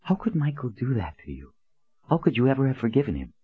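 A man voicing a composed, stern woman leader who speaks in a low, calm, clipped way, on a dull, lo-fi recording. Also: fast talker, breathy edge, dry recording, heavily acted.

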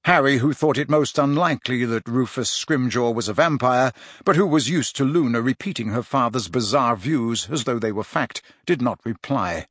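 In a dry, studio-quality recording, a man with a medium-pitched voice narrates a novel from a script. As an audiobook narrator, his storytelling is measured and expressive.

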